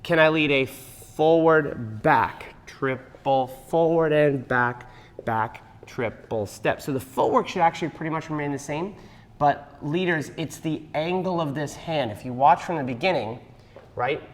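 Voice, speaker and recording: A man's voice: fairly high pitch, measured pace. A man teaching a partner dance class, explaining moves and counting the beats aloud. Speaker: dance instructor. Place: dance studio. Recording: long hall reverb.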